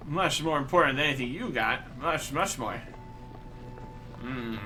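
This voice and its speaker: A man's voice: fairly high pitch, expressive, moderate pace, bright, forceful tone, soft background music, rough recording. A man hosting a let's-play, giving casual commentary with playful, giggly asides. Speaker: gaming channel host.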